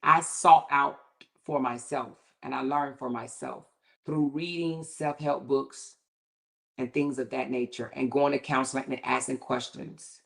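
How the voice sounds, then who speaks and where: Low-voiced woman hosting a candid livestream. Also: steady tone, unhurried, gravelly. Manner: candid, emphatic, rises sharply when indignant. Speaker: livestream host. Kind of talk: casual commentary monologue.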